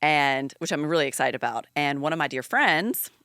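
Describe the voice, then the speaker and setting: Low-voiced woman with a Southern accent. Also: lively intonation, normal speed, clean tone, no echo, clean studio sound. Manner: chatty, warm, laughs easily, many fillers. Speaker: guest. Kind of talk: casual chat.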